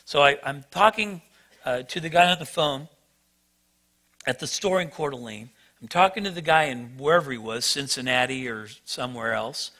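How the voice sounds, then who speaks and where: A man preaching as a pastor, telling a self-mocking personal story in an animated way. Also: mid-range voice, normal speed. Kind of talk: sermon storytelling.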